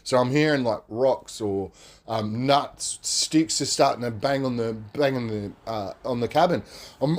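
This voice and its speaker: A man on a podcast, telling a story in a casual, animated way, swearing freely and tagging lines with "man" and "right?". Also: mid-range voice, measured pace.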